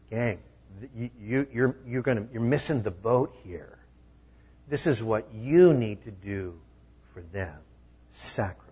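Man, pastor, sermon, husky, mid pitch, emphatic repeats, muffled recording. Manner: conversational preaching with emphatic repeated phrases.

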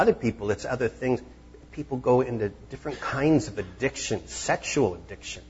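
A man's voice: mid-range voice, expressive, fairly quick, breathy edge, lo-fi sound. A man preaching a conversational sermon as pastor, now and then acting out the disciples. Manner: conversational, acts out voices of the disciples.

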